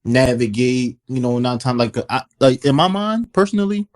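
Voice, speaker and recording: A man's voice: mid-range voice, lively intonation, normal speed, darkish tone. A man joining a live audio chat room, talking in a laid-back, rambling way and agreeing with the host. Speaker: guest speaker in live chat. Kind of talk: casual chat.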